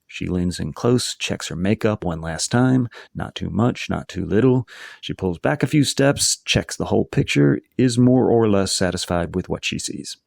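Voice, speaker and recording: A man, the author, reading his own novel aloud in a casual, relaxed storytelling manner. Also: on the low side, moderate pace, vocal fry, no echo, clean studio sound.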